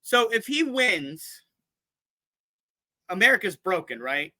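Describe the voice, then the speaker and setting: A male comedian trades jokes on a podcast and asks his partner probing questions. His voice is high and very bright, with a sharp, forceful edge, and the sound is dry and close to the mic. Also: big pitch swings, slow, no echo. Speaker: comedian co-host. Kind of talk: casual comedy podcast chat.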